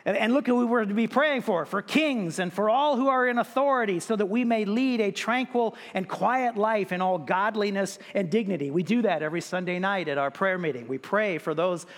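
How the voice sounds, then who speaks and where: A man's voice: high voice, brisk, few pauses, long reverb tail. A pastor preaching a sermon, emphatic, repeating words and raising his voice when he quotes scripture.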